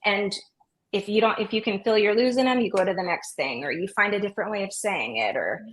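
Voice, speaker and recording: A woman's voice: mid-range voice, brisk, slight background noise, low-quality recording. A middle-aged woman, an opera singer and music teacher, chatting as an interview guest and acting out what children say. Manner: animated storyteller, acts out voices of kids. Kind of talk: casual interview chat.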